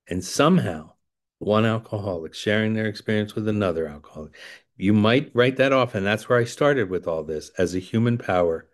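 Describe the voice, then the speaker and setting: A man's voice: on the low side, brisk. A man giving a rambling storytelling talk to a recovery audience, digressive and self-deprecating with wry asides. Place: indoors by a window.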